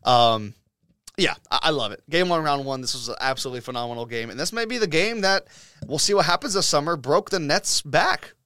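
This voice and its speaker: Excitable, profane sports-podcast man, higher voice. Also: fairly quick, dry recording, studio quality. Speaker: podcast host. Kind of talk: casual sports podcast chat.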